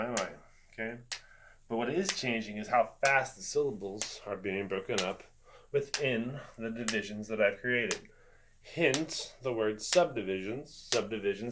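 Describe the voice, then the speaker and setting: A male music teacher walks through a rhythm lesson, chanting fruit words in even beats between loose, chatty remarks. His voice sits at an ordinary middle pitch. A clear hiss of noise runs under the recording. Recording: noisy home recording.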